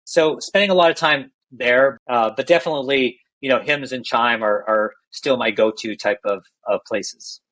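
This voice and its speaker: A man's voice: mid-range voice, normal speed, few pauses, fairly bright tone, rough recording. A middle-aged man, a healthcare executive, candidly telling stories in a podcast interview and often restarting his phrases.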